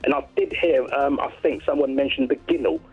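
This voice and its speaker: An English man calls in to a radio show over a narrow, tinny phone line. He rambles with enthusiasm and trips over his own restarts. His voice is gravelly and a little husky, and it rises and falls a lot. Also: on the high side, sing-song, fairly quick, soft background music. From England. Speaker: caller. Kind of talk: casual chat on a radio phone-in.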